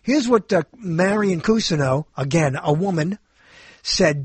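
A man's voice: high voice, expressive, unhurried, slightly rough, dry recording. A male show host talking in a casual, rambling monologue, joking and often stumbling and correcting himself.

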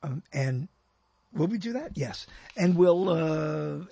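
A man's voice: on the high side, expressive, slow, gravelly, mellow, husky. An older man hosting his own internet radio show solo, rambling and joking with self-deprecating asides.

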